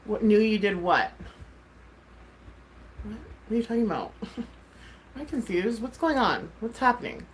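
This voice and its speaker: A woman's voice: mid-range voice, lively intonation, normal speed, pauses often, slight background noise. A woman, a mom and streamer, ranting casually to her viewers, exasperated and swearing freely with lots of "like". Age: adult mom. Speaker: YouTuber and streamer.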